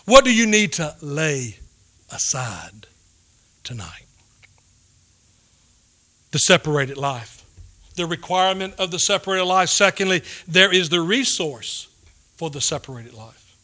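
A man delivers a sermon in a high voice. His tone is bright and forceful. He swings between loud emphasis and quiet, hushed asides. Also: very animated, a little slow, long pauses. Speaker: pastor.

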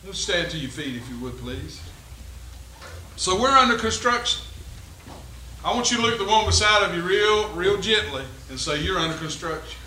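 A man pastor preaching a sermon and leading a closing prayer, dropping to quiet musing and then rising into loud exhortation. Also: high-pitched, lively intonation, moderate pace, long pauses, roomy sound, slight background noise, poor audio. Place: church sanctuary.

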